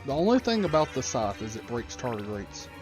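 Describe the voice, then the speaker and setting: A man's voice: mid-range voice, very animated, brisk, over music. A man hosting a game stream, chatting casually in a rambling way. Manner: rambling, chatty, frequent restarts and fillers. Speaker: streamer host. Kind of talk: casual chat while gaming.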